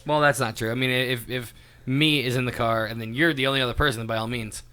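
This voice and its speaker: A man's voice: medium pitch, fairly even intonation, quick pace, sharp tone, clear, resonant tone. An American man co-hosting a podcast, chatting casually and joking with a lot of laughter. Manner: jokey, laughs often. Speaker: podcast co-host and part owner. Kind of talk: casual chat.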